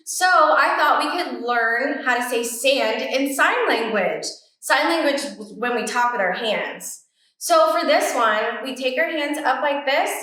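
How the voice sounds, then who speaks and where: High lively librarian lady reading a kids book slowly, echoey room, mic far off. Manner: animated, sing-song, coaxing children. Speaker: children's librarian. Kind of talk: children's story time reading.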